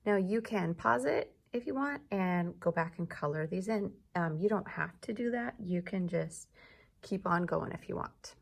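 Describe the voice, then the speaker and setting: A woman teacher giving a recorded lesson to young children, patient and encouraging, repeating each word slowly so they can clap along. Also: lowish voice, lively intonation, creaky. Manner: slow, patient, encouraging, repeats words for clapping.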